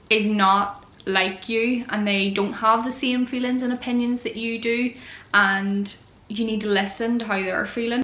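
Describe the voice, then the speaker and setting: Young woman in her 20s doing a chatty vlog, says like a lot, bright clear voice, kinda echoey room. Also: medium pitch. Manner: chatty and open, heavy use of "like". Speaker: vlogger. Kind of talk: casual chat vlog.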